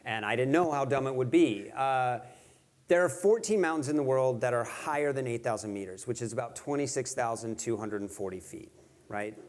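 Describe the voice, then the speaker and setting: A man's voice: mid-range voice, lively intonation, fairly quick. A man giving a live talk to an audience, conversational and self-deprecating, telling stories with jokes. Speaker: guest speaker. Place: event venue with audience.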